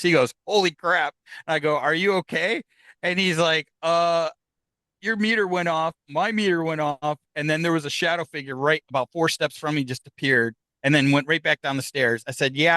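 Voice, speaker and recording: A man tells of his ghost hunts in an easy conversational way, his tone bright and ringing. The sound is close and dry, with no room around it. He acts out the lines of the people in his stories. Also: medium pitch, no room sound, poor audio. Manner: animated anecdotes, acts out quoted dialogue. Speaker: guest, paranormal investigator. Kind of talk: casual storytelling interview.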